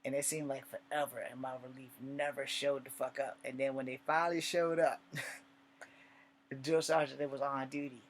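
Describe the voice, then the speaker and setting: A man's voice: medium pitch, level tone, moderate pace, a little hiss or hum. A man casually telling an army story in a loose, profane, laid-back way.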